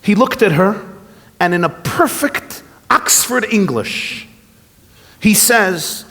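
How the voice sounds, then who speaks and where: A rabbi giving a keynote speech, his voice high and lively, swooping across a wide pitch range as he tells jokes. The sound rings with a long reverb from a large event hall. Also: slow pace. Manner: animated, joking storyteller.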